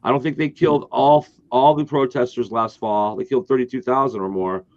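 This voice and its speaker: A man's voice: mid-range voice, steady tone, brisk, no echo. A man talks through his predictions in an emphatic, rambling way, restarting sentences as he goes. His voice sits mid-range, and the audio is dull and dry, like a lo-fi stream. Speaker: co-host. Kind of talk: casual political talk stream.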